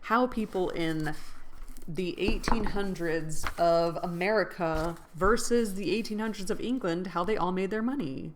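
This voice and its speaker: A woman with a fairly low speaking voice hosts a casual read-aloud. She rambles and thinks aloud between passages, often stopping to correct herself. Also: a little slow, a little hiss or hum. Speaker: channel host reading a novel aloud.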